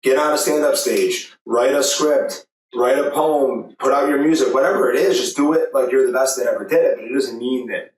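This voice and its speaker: A man's voice: mid-range voice, brisk. A man hosting a podcast, talking casually and animatedly, retelling stories. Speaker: podcast host. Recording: very echoey room, distant mic.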